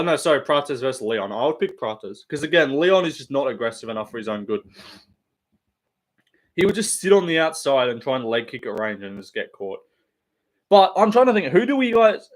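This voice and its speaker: A young man hosting a live stream, talking loosely and swearing freely. He rambles, restarts and laughs often, in a slightly high voice. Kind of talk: casual live-stream chat.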